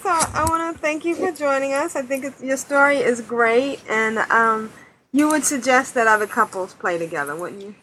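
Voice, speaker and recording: Woman, podcast host, fairly high voice, faint hiss behind. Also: normal speed, pushed and bright, low-quality recording. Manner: friendly interviewer, asks short questions. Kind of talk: casual chat.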